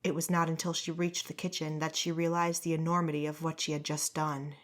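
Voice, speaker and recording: A woman with a lowish voice narrating a fantasy novel. Her delivery is steady and measured, and she reads it as a calm, even audiobook performance. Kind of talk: scripted narration.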